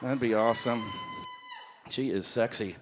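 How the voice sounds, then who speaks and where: A man's voice: medium pitch, unhurried, a little hiss or hum. A man doing a stand-up comedy set on a club stage, telling crude stories with lots of swearing. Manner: profane, animated storytelling.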